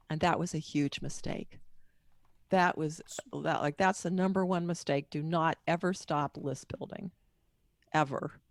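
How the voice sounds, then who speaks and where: Gravelly, dry-voiced woman telling her story. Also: fairly low pitch, animated, a little slow, long pauses, dry recording. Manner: candid, personal, discursive. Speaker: guest author and book marketing coach. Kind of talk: candid podcast interview storytelling.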